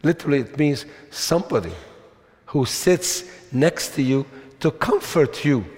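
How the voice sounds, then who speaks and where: A man delivers a sermon in a slow, deliberate, emphatic way, stopping to put questions to his listeners. His voice sits a little high for a man. A long reverb from a large hall trails behind his words. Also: expressive, a little mellow. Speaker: preacher.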